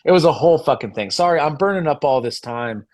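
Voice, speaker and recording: A man's voice: on the high side, fast. A man around forty, a guest musician and promoter, telling stories in a casual interview. He swears freely and acts out the people he quotes. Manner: profane, animated storyteller, acts out quoted dialogue.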